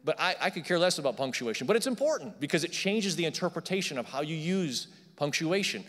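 A man's voice: on the high side, big pitch swings, quick pace, a bit bright. A man preaching a sermon, teaching in a conversational and emphatic way and checking in with his listeners. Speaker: pastor. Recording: long hall reverb.

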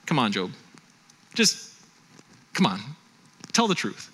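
A man's voice: mid-range voice, huge pitch swings, takes it slowly, a bit bright, slightly rough, pitched below the performer's own voice, heavily acted. A man voicing a group of accusing male friends who needle a suffering man to confess. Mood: prodding. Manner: needling, insistent.

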